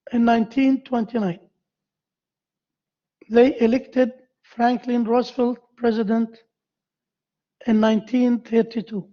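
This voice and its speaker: Slow, halting male lecturer. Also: very high voice, lo-fi sound. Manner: halting, repeats words and quizzes students. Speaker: university lecturer. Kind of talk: classroom grammar lecture. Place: classroom.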